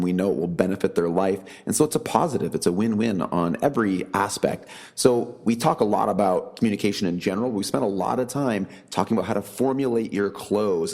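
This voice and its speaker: A low-voiced man hosts a podcast interview in a friendly, conversational tone. His voice carries a roomy echo. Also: darkish tone. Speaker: podcast host.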